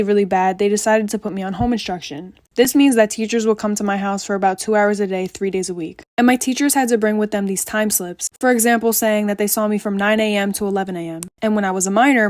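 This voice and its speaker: A woman's voice: mid-range voice, darkish tone, no echo, clean studio sound. A young woman telling a personal story in a chatty, casual way. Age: young adult. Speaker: story narrator.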